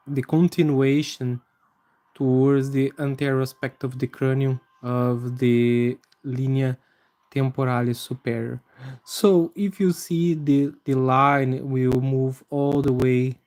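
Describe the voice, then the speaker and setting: Mellow-voiced man teaching live anatomy drawing. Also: medium pitch. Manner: halting, many fillers and restarts, friendly to viewers. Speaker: anatomy drawing livestream host. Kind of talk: live drawing tutorial with chat greetings.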